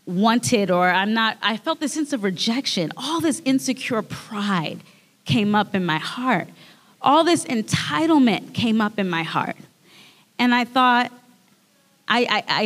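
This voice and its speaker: A woman's voice: on the high side, a bit bright. A woman giving an earnest, emotional personal testimony at a church service, often restarting her sentences. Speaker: speaker sharing a communion message. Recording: long hall reverb.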